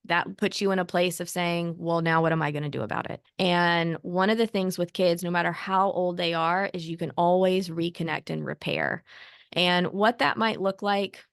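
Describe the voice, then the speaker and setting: A woman in her thirties talks in a calm, reassuring way about parenting. Her voice sits low with a gravelly edge, and the recording is dry and close. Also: normal speed, no room sound. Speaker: therapist co-host. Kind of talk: conversational advice talk.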